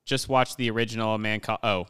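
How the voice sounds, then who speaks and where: A man's voice: on the low side, fast talker, clean tone, no room sound, studio quality. A man co-hosting a movie review podcast, chatting casually, swearing often and laughing as he rants. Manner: swears a lot, laughs often, animated ranting. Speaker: podcast co-host.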